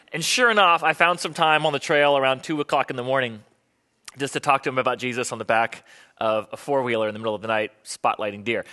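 Male pastor, middle-aged, quick and bright, storytelling sermon delivery. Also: on the high side. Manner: chatty, storytelling, quotes people in voices. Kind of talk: sermon with personal stories.

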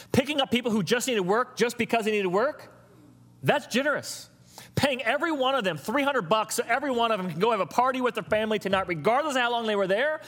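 A man preaching a sermon as pastor, lively and conversational, throwing questions and asides to the congregation. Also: on the high side. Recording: long reverb of a large hall.

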